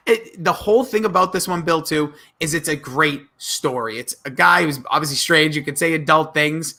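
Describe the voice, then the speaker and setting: A man co-hosting a podcast, chatting casually and retelling comedy sketches with lively acted-out lines. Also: a little high, moderate pace. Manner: animated, acts out sketch lines in put-on voices. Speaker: podcast co-host.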